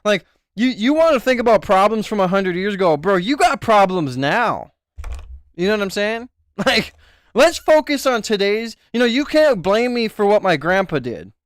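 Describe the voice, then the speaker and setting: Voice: medium pitch, sing-song, normal speed, no room sound. Rambling, profane livestreamer with a dry sound. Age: adult with children. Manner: rambling and profane, with frequent restarts; jokey, claims to be a comedian. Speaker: livestreamer reading chat. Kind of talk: casual live stream rant.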